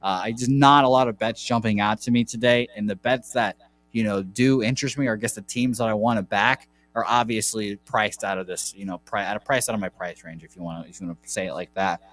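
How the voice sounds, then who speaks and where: A man's voice: lowish voice, steady tone, a little fast, fairly bright tone, no echo. A man hosting a casual sports betting show, rambling and correcting himself as he reels off baseball stats. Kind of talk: casual podcast chat.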